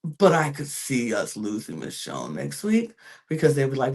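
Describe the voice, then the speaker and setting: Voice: mid-range voice, huge pitch swings, moderate pace, darkish tone. A podcast co-host giving a casual, gossipy recap of a reality show, trailing off into fillers and talking straight to viewers. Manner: addresses viewers directly.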